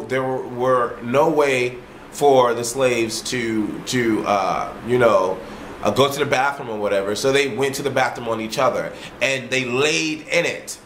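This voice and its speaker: Swearing, animated male vlogger in an echoey room. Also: mid-range voice, measured pace, slight background noise. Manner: animated storyteller who swears freely and repeats himself. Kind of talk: casual ranting monologue. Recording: roomy echo.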